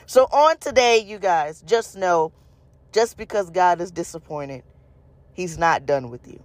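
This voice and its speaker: In an expressive, medium-pitched voice at a measured pace, with no echo, a preacher gives a passionate devotional message. He talks directly to listeners, often saying "y'all" and "you guys," and repeats phrases to stress them.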